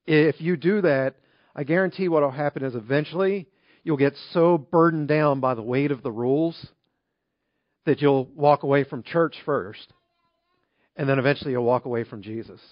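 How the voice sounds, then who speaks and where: A man preaching a sermon as pastor, telling a story in a conversational, animated way. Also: on the high side, normal speed, no room sound. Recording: dry, slightly dull recording.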